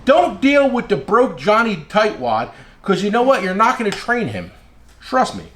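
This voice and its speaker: A brash man talks in a high, lively voice with big swings in pitch, telling fellow dealers plainly how to get paid. He keeps hammering his points home with repeated phrases. A steady noise hangs under the recording. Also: normal speed. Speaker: independent tool dealer. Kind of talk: casual advice talk.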